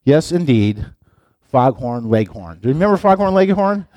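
Lively middle-aged man preaching casually. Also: medium pitch, normal speed, dry recording. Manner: playful, chatty, talks to the audience directly. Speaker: pastor. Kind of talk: casual sermon.

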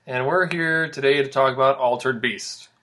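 A young man co-hosts a relaxed podcast, winding through a long anecdote. He pads his story with fillers and restarts and slips into quoted voices along the way. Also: medium pitch, moderate pace. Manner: rambling storytelling with many fillers. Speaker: podcast co-host. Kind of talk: casual podcast chat.

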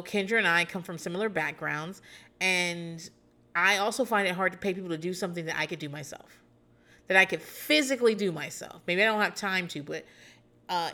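Chatty, sarcastic woman podcaster. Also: fairly bright tone. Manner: chatty and sarcastic, swears freely, laughs often, mimics people in high voices. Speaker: podcast host recapping a reality show. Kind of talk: casual chat.

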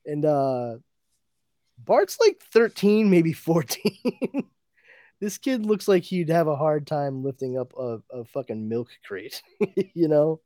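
A man's voice: fairly high pitch, takes it slowly, dry recording, studio quality. A man hosting a comic book podcast, retelling the story casually, laughing often and acting out the characters' lines. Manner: animated, laughs often, acts out dialogue.

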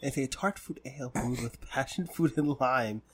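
A man's voice: mid-range voice, normal speed, a bit bright, slightly rough. A man hosting a podcast in casual chat, tipsy, rambling and joking loosely. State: drunk. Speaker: podcast host.

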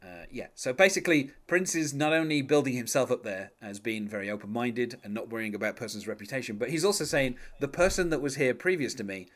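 An English man co-hosting a relaxed chat about a song, wry and chatty, breaking into laughter as he goes. He slips into a low murmur when quoting lyrics. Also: fast, few pauses. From England. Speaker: podcast co-host. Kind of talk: casual chat about music.

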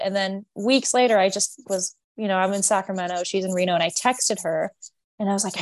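A woman's voice: medium pitch, brisk, no room sound. A young woman guest on a podcast, talking openly and rambling with lots of "like" and "you know". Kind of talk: candid interview talk.

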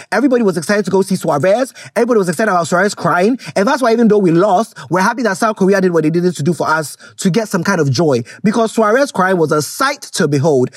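Lively Ghanaian woman podcast host. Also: fairly low pitch, slightly rough, dry recording, clean studio sound. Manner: animated, switching between English and Twi, exclamatory. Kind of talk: casual solo podcast monologue.

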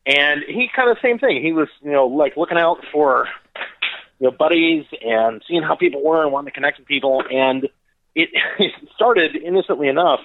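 A man's voice: a little high, lively intonation, normal speed. A young man calling in as a podcast guest, chatting casually and rambling with lots of fillers and jokes. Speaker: podcast guest on a phone call. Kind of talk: casual chat. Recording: dry tinny phone line.

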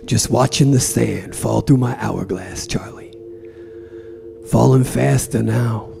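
A man playing a gruff, profane tough guy who broods aloud while drifting in a coma, in an improvised comedy bit. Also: mid-range voice, a little slow, music in the background. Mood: brooding. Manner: brooding, profane, gravelly musing. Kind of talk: improvised comedy role-play.

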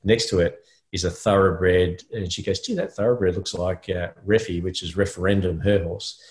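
A man's voice: low voice, fairly even intonation, normal speed, darkish tone. A middle-aged Australian man, a podcast co-host, telling a rambling personal story in casual chat with many fillers.

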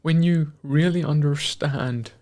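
A man's voice: on the high side, darkish tone. A man preaching a sermon in an earnest, emotional way, often repeating and restarting his words. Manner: earnest and emotional, with halting repetitions.

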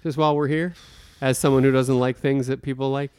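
A man's voice: medium pitch, little pitch movement, brisk, darkish tone, smooth, dry recording, clean studio sound. A man co-hosting a podcast, chatting casually with wry, teasing banter. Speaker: podcast co-host. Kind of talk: casual chat.

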